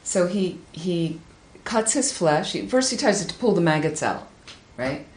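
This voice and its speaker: A woman giving a Buddhist talk, telling a teaching story with lively, high-pitched acted quotes. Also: unhurried, a little hiss or hum. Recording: echoey room with faint ambience.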